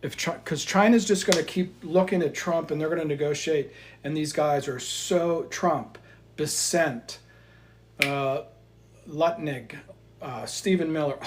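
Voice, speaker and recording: A man's voice: on the high side, unhurried, a little hiss or hum. Heated, profane male market commentator. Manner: heated, profane, swings between loud outbursts and quiet asides. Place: indoors in front of a chart.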